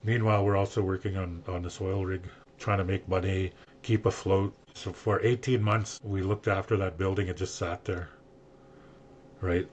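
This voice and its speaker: An older man on a podcast, earnestly telling a personal story and acting out what people said to him, with a husky voice. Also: deep voice, fairly even intonation, normal speed, slight background noise. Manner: earnest, emotional storyteller who acts out quoted speech. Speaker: guest sharing his story.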